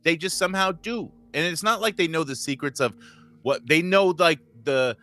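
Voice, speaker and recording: A man's voice: a little high, moderate pace, bright, forceful tone. A man co-hosting a casual podcast, chatting and adding film trivia. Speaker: podcast co-host. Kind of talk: casual movie chat.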